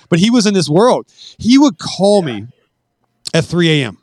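A middle-aged man tells stories as a podcast guest in a fairly high voice. He swears freely and acts out the dialogue with lively energy. The sound is dry and close. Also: moderate pace, no room sound. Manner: profane, animated anecdote-telling that acts out quoted dialogue. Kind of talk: casual storytelling.

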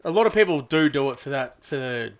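A man's voice: mid-range voice, expressive, fairly quick. A man telling stories and bantering with mates on a podcast, laughing through his lines and swearing freely. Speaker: podcast guest. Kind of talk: casual banter.

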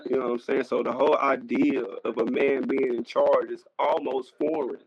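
A man's voice: mid-range voice, fairly even intonation, normal speed, breathy edge, dry recording. A man in his thirties talking bluntly in casual slang during a podcast debate, often repeating himself for emphasis. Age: 30s. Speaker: podcast co-host. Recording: lo-fi dry recording.

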